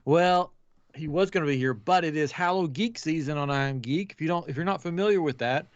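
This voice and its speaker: A man's voice: fairly high pitch, a little fast, no room sound, dull audio. A man hosting a casual live podcast, laughing often and restarting his intro. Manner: giggly, animated, keeps restarting. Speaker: podcast host.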